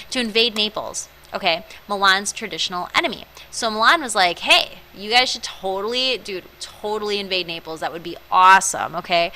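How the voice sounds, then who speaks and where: A woman narrates a history lecture over slides, casual and joking at her own expense. Her voice is bright and forward, her pitch sits in the middle of the range, and a faint hiss runs under the recording. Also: rough recording. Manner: chatty, playful, self-deprecating asides. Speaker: history teacher.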